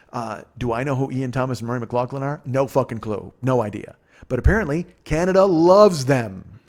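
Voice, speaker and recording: Profane, rambling male storyteller. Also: mid-range voice. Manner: profane, rambling, animated retelling with quoted voices. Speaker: podcast host. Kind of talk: casual storytelling.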